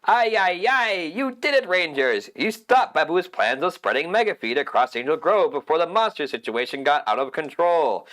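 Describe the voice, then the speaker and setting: A man squealing as an excitable robot assistant. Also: normal speed, few pauses, rough recording. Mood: excited. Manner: high-pitched panicky squeals.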